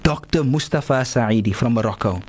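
A man hosting a radio talk show, animated and repetitive, often checking in with "right?". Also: medium pitch, moderate pace, slight background noise. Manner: animated, repeats words, asks "right?" often.

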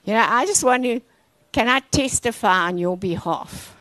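A woman pastor preaching a sermon, telling stories in an animated, playful way with asides. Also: fairly high pitch, moderate pace, no echo, poor audio.

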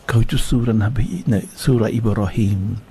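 A man, a sheikh and guest speaker, telling a religious story in a slow, halting way with many restarts. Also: fairly low pitch, dark tone, slight background noise. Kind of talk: storytelling sermon.

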